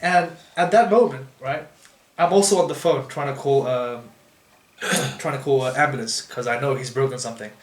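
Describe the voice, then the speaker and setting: A man telling a story in casual chat, animated and acting out what people said, with frequent restarts. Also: medium pitch, normal speed. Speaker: storyteller friend. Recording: echoey room with faint noise.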